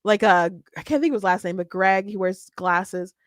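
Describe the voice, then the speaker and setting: A woman hosting her own show, giving casual political commentary in a chatty, animated way with frequent restarts. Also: mid-range voice, moderate pace, dry recording, clean studio sound.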